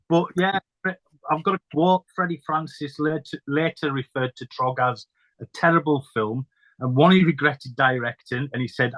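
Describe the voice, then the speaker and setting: Jokey host. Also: male voice, medium pitch, fairly bright tone, no room sound, low-quality recording. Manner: jokey, chatty. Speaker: podcast host. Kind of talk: casual interview chat.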